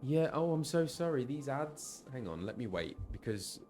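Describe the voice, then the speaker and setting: A man talking through a game on a live stream in a chatty, offhand way. His voice sits at an ordinary middle pitch. He drifts into quiet asides and backtracks when he loses track of names. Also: big pitch swings, moderate pace, faint music behind. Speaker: streamer and voice actor playing a game. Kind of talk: casual live-stream commentary.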